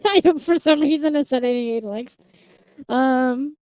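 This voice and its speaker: Young female streamer, casual and rambling with frequent giggles, slightly high and soft-toned voice. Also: slow pace, long pauses, no room sound, lo-fi sound. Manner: rambling, self-interrupting, giggly. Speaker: livestreamer. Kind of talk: casual live stream chat.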